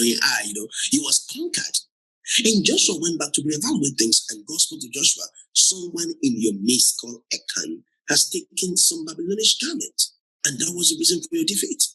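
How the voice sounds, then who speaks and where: A man's voice: a little high, pushed and bright, husky, poor audio. A man preaching a sermon who laughs often and repeats phrases for emphasis, with a Nigerian accent. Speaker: pastor.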